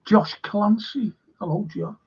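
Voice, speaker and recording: Speaking slowly in a high, sing-song voice that's a little mellow with a breathy edge, a Liverpudlian historian runs a casual livestream. He rambles, swears freely and reads out comments from viewers, all captured in dull, lo-fi audio.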